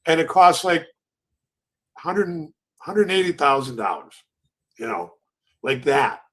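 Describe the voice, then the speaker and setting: An older man talks in a loose, rambling way, telling stories as the host of a trading show. His voice sits a little high for a man, and he slips into the voices of brokers and clerks as he goes. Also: sing-song, measured pace, fairly bright tone. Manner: rambling, acts out pit quotes. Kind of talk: casual storytelling.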